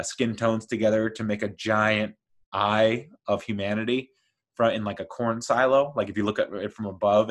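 A man chatting casually as he reviews a TV series, rambling and enthusiastic, with lots of fillers. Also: lowish voice. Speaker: TV show reviewer.

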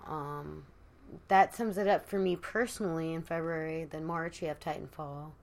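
A woman's voice: deep voice, fairly even intonation, vocal fry. Chatty woman podcast co-host. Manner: chatty, quick to call out myths. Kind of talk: casual chat.

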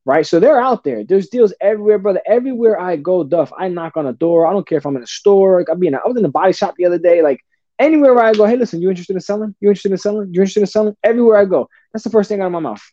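A high-voiced man rattles through his stories at a fast clip, loose and animated, packing every sentence with slang and curses. The recording is dull and lo-fi, with a dry, close sound and no room around it. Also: no room sound. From New Jersey. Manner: animated, swearing, street slang, says bro a lot. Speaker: podcast guest. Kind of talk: casual storytelling.

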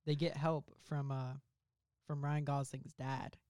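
A man's voice: mid-range voice, flat delivery, slow pace, a little mellow, no room sound. A young man co-hosting a casual podcast, rambling through a story with lots of filler words. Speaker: podcast co-host pitching a movie idea.

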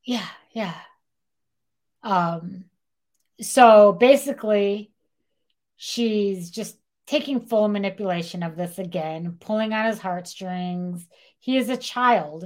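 Animated woman retelling a true-crime case. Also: medium pitch. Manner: animated retelling, acts out quotes, frequent "like". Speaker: podcast co-host. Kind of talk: casual true-crime storytelling.

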